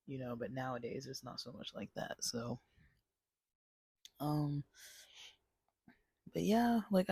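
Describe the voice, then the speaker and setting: A man's voice: medium pitch, vocal fry, darkish tone, slightly rough, no echo. A man casually reviewing a movie, rambling with many fillers and restarts. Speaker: channel host.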